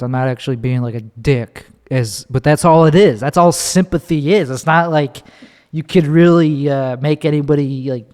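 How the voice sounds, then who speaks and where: A man's voice: fairly high pitch, a little mellow, long reverb tail. A young man, hosting a solo podcast, talking in a sarcastic, profane ramble and acting out other people's voices. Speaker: podcast host.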